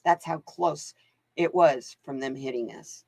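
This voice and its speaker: A woman's voice: low voice, unhurried, gravelly, a little mellow, no echo. A woman hosting live card readings, chatting casually to viewers and laughing often as she wanders off into stories. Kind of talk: casual livestream chat.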